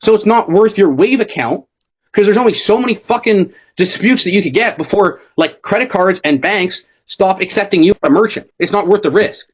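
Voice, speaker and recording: A man with a high, quick voice runs a sales coaching call, talking bluntly and cursing all the time. The sound is dull and lo-fi, as over a video call. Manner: blunt, swears constantly, fast and animated. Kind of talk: profane casual coaching call.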